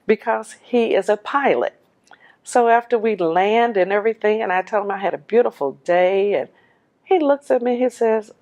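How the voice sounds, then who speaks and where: Animated woman telling her own story. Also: mid-range voice, moderate pace. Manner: animated, acts out voices in quoted dialogue; laughs while telling. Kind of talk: personal storytelling.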